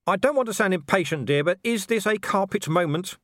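A man's voice: high-pitched, expressive, fairly quick, a bit bright, dry recording, studio quality, pitched above the performer's own voice. A man voicing a blunt, weary commander of the city watch who speaks dryly and impatiently. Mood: grumbling, wry.

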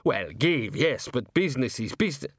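A man's voice: medium pitch, very animated, moderate pace, a bit bright, slightly rough, dry recording, studio quality. A man reading an audiobook, voicing a greedy, blustering male butcher who sounds indignant and grasping. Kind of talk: audiobook character voice.

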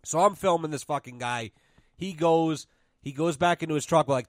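A man's voice: on the high side, moderate pace, dry recording, clean studio sound. Swearing, laughing young man telling stories. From New England. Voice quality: swears constantly, laughs mid-sentence. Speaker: podcast host. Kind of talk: casual storytelling chat.

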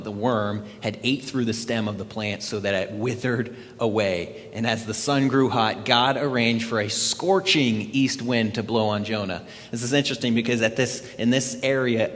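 A man preaching a sermon, retelling a scripture story in an animated storytelling way. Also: mid-range voice, long reverb tail. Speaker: pastor.

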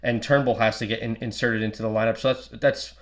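A man's voice: on the low side, steady tone, fast. A man co-hosting a football podcast, breaking down match plays step by step in casual talk, with frequent restarts. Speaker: podcast co-host.

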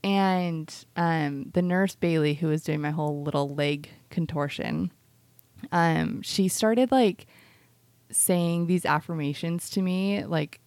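A woman on a podcast mic with a low, gravelly voice, telling a long story in a loose, rambling way. She leans on "like" every few words. The recording is dry and close, with no room sound. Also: slow, darkish tone, dry recording. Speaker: podcast co-host. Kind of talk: casual podcast chat.

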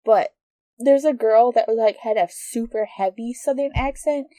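A woman's voice: fairly high pitch, a little slow, warm tone, no room sound. Giggly young woman, dry close sound. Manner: giggly, rambling storytelling. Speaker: podcast co-host. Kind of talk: casual chat.

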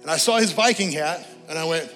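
A high-pitched man preaches a sermon from the pulpit, moving from animated storytelling to a soft, prayerful invitation. His voice carries a long church reverb, with faint music underneath. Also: a little fast. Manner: animated storytelling, then a quiet prayerful altar call. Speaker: pastor. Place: church sanctuary.

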